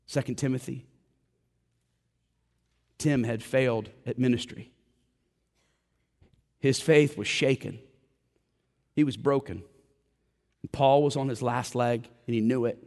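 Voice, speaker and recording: A man's voice: medium pitch, steady tone, slow pace, long pauses, darkish tone, long reverb tail. A man preaching a sermon in a church, impassioned and direct, with a joking aside now and then. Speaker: pastor. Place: church sanctuary.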